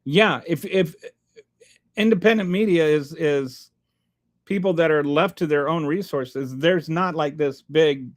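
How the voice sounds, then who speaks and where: A man with a high, light voice hosts a political livestream and answers his chat. His talk is sarcastic and loose, full of restarts and false starts. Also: a little slow. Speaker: livestream host reading chat.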